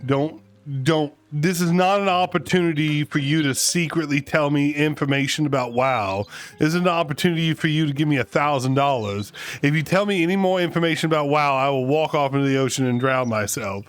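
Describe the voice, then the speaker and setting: A man's voice: a little high, brisk, clean tone, faint music behind. A man hosting a casual livestream, joking and ranting at his chat. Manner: joking, rants and teases chat. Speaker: streamer host.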